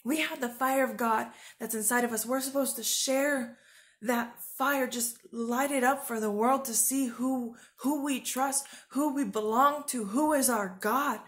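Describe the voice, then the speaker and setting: A woman with a somewhat high voice gives an informal, earnest sermon straight to her viewers. She sounds urgent and rambles a little, circling back with fillers and restarts. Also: unhurried, a bit bright. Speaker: Christian video preacher.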